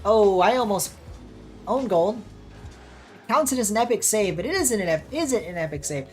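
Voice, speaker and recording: A woman's voice: mid-range voice, animated, normal speed, a little mellow, soft background music. An American woman streamer chatting casually with viewers while playing and reacting to the match. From United States. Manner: chatty, reacting to gameplay and chat. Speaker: streamer and caster.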